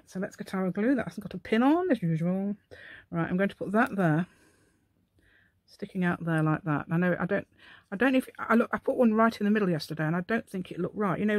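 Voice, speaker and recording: A woman's voice: lowish voice, no echo. A middle-aged woman demonstrating a craft project, rambling and chatting to herself in a playful put-on posh telephone voice. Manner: rambling, chatty, talks to herself while working. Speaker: crafting channel host.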